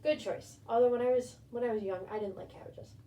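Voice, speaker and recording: A woman's voice: fairly high pitch, steady tone, brisk, dark tone. A woman reading a storybook aloud to a baby rabbit at home, with chatty asides to her pet. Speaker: rabbit-keeping homesteader and channel host. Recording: echoey room, distant mic, faint background noise.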